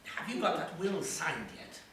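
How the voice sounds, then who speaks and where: A vain old ham actor, played by a man, swoops through his lines with grand, pompous relish. He is heard from far off in a very echoey hall with clear background noise. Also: on the high side, very animated, moderate pace. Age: older. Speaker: stage actor in an amateur play. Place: theatre stage.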